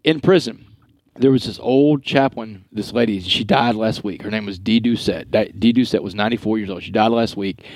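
Low-voiced man telling his story. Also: moderate pace, no room sound. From Texas. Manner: earnest, animated storytelling with quoted dialogue. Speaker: guest speaker. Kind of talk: storytelling interview.

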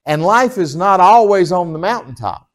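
Male pastor, slightly high voice, folksy sermon with chuckles and call-and-response. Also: expressive, normal speed.

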